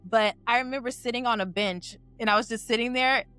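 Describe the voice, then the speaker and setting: A woman's voice: a little high, fairly quick, bright, forceful tone, clean tone, faint music behind. A young adult woman talking candidly and casually as a panelist on a game aftershow, with plenty of "like" fillers. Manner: candid and chatty, heavy use of "like". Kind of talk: casual chat.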